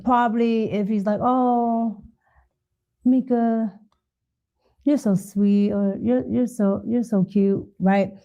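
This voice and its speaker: A woman being interviewed, giving hesitant, halting answers. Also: a little high, fairly even intonation, dark tone, dull audio. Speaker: interview guest.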